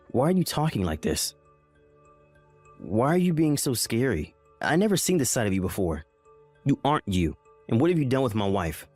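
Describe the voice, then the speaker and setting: A man's voice: medium pitch, a little mellow, no echo. A man voicing a bewildered, pleading young husband. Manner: confused, pleading, rising alarm. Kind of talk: dramatized story narration.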